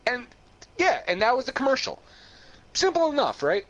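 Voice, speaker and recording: A man's voice: very high voice, huge pitch swings, moderate pace, a bit bright. A man co-hosting a pop-culture podcast, retelling a story in casual chat with lots of laughs, swearing and stammered restarts. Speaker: podcast co-host. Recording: dull lo-fi sound.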